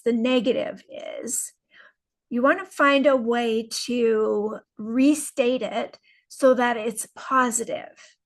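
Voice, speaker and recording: A woman coaching listeners through setting goals, unhurried and encouraging, acting out quotes with lively emphasis. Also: sits high. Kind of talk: motivational goal-setting lesson.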